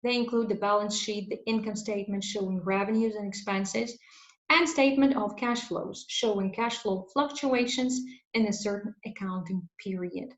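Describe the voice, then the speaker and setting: Higher-voiced woman teaching English vocabulary. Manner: clear, explanatory, gives translations. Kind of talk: vocabulary lesson. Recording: echoey room, dull lo-fi sound.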